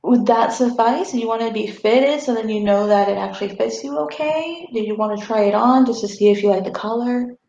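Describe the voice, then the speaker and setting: A woman voicing a calm, wry female elf traveler at a tabletop game, speaking in a measured, polite way. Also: a little high, vocal fry, slight background noise. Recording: echoey room, muffled mic.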